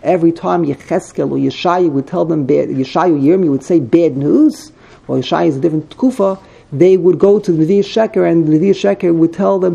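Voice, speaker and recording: A man's voice: on the high side, normal speed, creaky, warm tone. A man teaching a text study class, explaining grammar as he thinks aloud, repeating and correcting himself.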